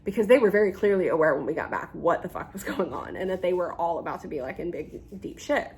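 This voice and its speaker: A young woman telling a storytime vlog, animated and full of ums, acting out the people she quotes. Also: on the low side, fast. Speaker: YouTuber. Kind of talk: casual storytime.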